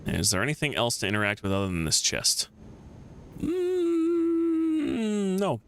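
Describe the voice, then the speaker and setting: A man's voice: high-pitched, wildly swooping pitch, measured pace, fairly bright tone. A man streaming a game, casually thinking aloud and reading the text on screen.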